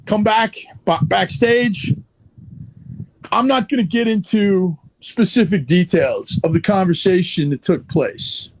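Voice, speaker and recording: A man's voice: sits high, slow. A man who is a wrestler guest, telling a story in a blunt, profane, heated way in a casual interview.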